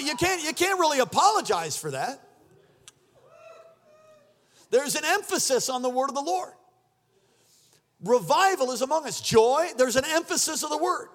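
A man preaching an energetic sermon as pastor, shouting and leading the congregation in call-and-response. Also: very high voice. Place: church sanctuary.

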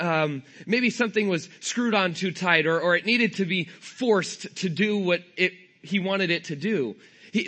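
A man's voice: on the high side, sharp tone. A man in his thirties from California preaching a sermon, telling a humorous self-deprecating family story. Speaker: pastor.

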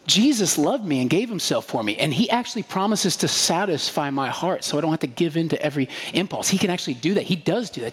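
Husky high-voiced preacher in a reverberant hall. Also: male voice, animated, a little fast. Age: adult with a young daughter. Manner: storytelling, rhetorical asides, frequent "right?". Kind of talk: conversational sermon.

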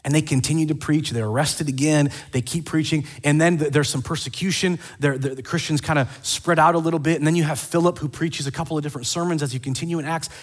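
A man preaching a casual sermon, retelling scripture stories in an animated way with quick asides. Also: fairly high pitch. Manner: animated storytelling with acted quotes and asides. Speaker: pastor.

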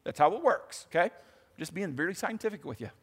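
A male pastor preaches with a high, very animated voice, telling the story with chatty asides. His voice carries a long reverb through the church. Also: fairly quick, breathy edge. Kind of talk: sermon.

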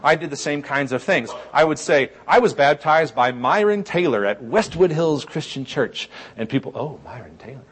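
A man delivering a sermon with a relaxed, conversational tone and a streak of dry, wry humor. His voice sits a little higher than most men's. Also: moderate pace, hardly any pauses, husky. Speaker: pastor.

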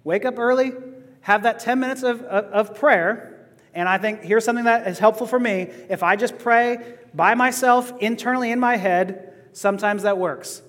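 A man's voice: sits high, normal speed, fairly bright tone, long reverb tail. A man preaching a sermon as pastor, earnest and building to passionate emphasis.

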